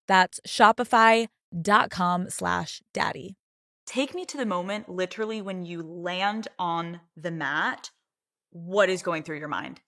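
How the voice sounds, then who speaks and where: A woman's voice: lowish voice, a bit bright, dry recording, studio quality. A woman hosting a podcast, reading an upbeat sponsor spot and prompting her guest with questions. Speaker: podcast host. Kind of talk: podcast host reading an ad and interviewing.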